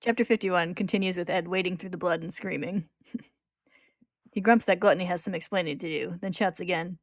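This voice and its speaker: A woman with a lowish voice recaps a story for her listeners, relaxed and chatty, with laughter breaking in now and then. The sound is dry and close, with no room around it. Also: fairly quick, no room sound. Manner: laughs often, punches up quoted lines. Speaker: podcast host retelling a manga. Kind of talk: casual recap narration with acted quotes.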